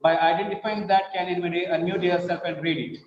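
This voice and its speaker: A man with an Indian English accent teaching an online English class, drilling words slowly and with emphasis. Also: sits high, level tone, a little hiss or hum. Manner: slow, emphatic word-by-word drilling. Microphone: video call. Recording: roomy, dull online class audio.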